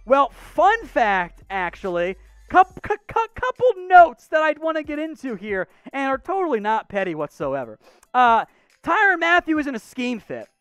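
Give me an animated, blunt sports host. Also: high voice, clean tone, no echo, soft background music. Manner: blunt, opinionated and sarcastic; animated, rapid-fire ranting with restarts. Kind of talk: casual mailbag commentary answering viewer questions.

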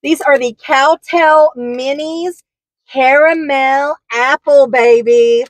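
A woman's voice: high-pitched, slow, dry recording, poor audio. A woman chatting through a shopping haul, gushing and rambling with lots of fillers. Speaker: haul vlogger. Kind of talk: casual product haul chat.

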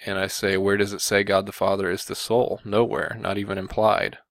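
A man giving combative Bible commentary, often pausing on "okay" and "you know" to press his point. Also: lowish voice, level tone, no room sound. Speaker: religious video commentator.

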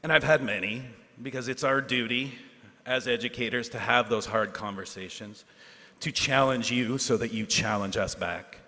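A man, a teacher giving a graduation speech, earnest and self-deprecating, with asides and pauses for effect. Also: medium pitch, pushed and bright. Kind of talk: ceremonial speech. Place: large hall at a ceremony. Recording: hall reverb.

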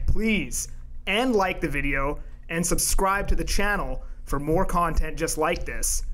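A somewhat high-voiced man co-hosts a podcast, reading the opening with bright enthusiasm. He then keeps the interview moving with brief questions and quick reactions. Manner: upbeat scripted intro, then short prompts and reactions. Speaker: podcast co-host.

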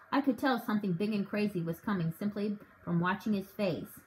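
A woman working as a reading tutor, reading a children's novel aloud in a calm, measured way. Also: fairly low pitch, slight background noise. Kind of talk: audiobook read-aloud.

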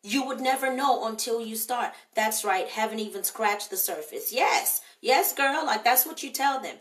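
A woman's voice: a little high, animated, normal speed, hardly any pauses, fairly bright tone, slight background noise. A woman hosting a live online show, giving emphatic, direct motivational talk and answering viewer comments. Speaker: livestream show host. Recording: echoey, distant livestream audio.

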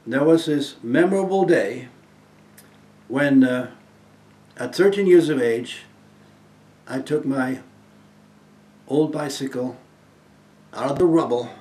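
Slow-speaking older man. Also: mid-range voice, roomy sound. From Germany. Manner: earnest, swings between loud emphasis and soft hushed phrases. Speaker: guest speaker. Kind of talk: inspirational testimony talk.

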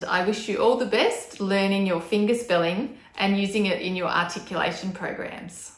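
A woman speech pathologist explaining techniques in an instructional video, demonstrating sounds with careful, exaggerated enunciation. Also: mid-range voice. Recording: echoey room.

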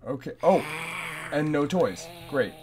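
A slightly high-voiced man talks through a spooky game at his computer, jumping between jokey asides and panicked pleading. His desk mic picks up keyboard clicks and a faint hiss underneath. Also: expressive, a little slow, a little mellow. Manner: frantic, self-mocking, repeating "no" in panic. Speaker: gameplay commentator. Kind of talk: let's play commentary.

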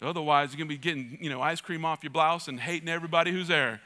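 A man's voice: on the high side, fast, pushed and bright. A male pastor preaching a sermon with energy, joking asides and calls to the congregation. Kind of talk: church sermon.

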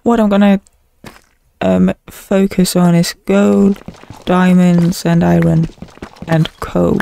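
Slow, gravelly woman narrating her game. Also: fairly low pitch, little pitch movement, mellow, slight background noise. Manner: dramatic, exclaiming and groaning at the game; swears in frustration. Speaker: gaming YouTuber. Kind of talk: Minecraft let's play commentary.

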